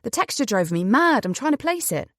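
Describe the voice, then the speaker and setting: A woman's voice: on the high side, sing-song, brisk, fairly bright tone, no echo, clean studio sound, voice pushed up. A woman voicing a playful, joking young man on holiday, in an audiobook.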